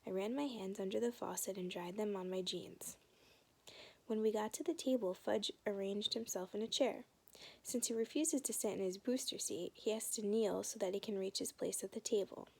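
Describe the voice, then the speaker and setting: A woman reading a children's novel aloud in a soft, often half-whispered way. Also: mid-range voice, normal speed, creaky, slightly rough. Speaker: reader.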